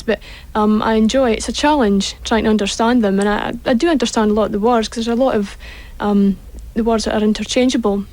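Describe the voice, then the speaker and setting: Flat-voiced hesitant young woman. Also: a little high, rough recording. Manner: hesitant, many ums. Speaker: panel guest. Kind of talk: radio panel talk.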